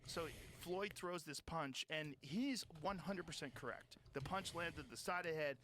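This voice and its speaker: Brief: emphatic, profane male podcast host, slightly high voice, faint room noise. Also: moderate pace, few pauses, sharp tone. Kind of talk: casual chat.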